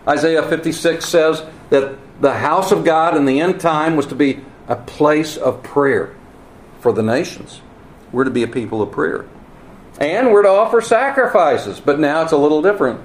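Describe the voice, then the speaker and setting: A man preaching a teaching sermon, earnest and emphatic, with wry asides and halting repeats. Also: fairly high pitch, slight background noise. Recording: roomy echo, faint ambience.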